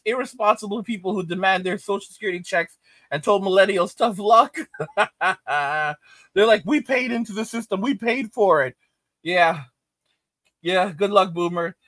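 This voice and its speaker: A middle-aged man with a fairly high, fairly bright voice rants animatedly while reading chat comments aloud in casual reaction commentary. He laughs often and drives points home by repeating them. The sound is close and dry, with no echo or room around it.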